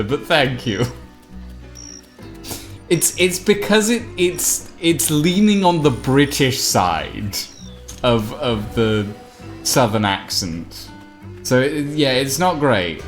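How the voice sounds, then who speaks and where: A man streaming a game and chatting casually with viewers, self-mocking, reacting out loud. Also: medium pitch. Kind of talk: casual gameplay commentary. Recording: game music underneath.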